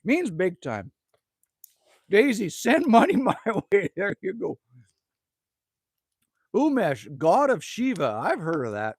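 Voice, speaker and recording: A man's voice: sits high, wildly swooping pitch, slow pace, long pauses, slightly rough, no echo. A middle-aged man from Canada hosting a casual live stream outdoors at his rural cabin, ranting, joking and greeting viewers by name. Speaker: livestream host.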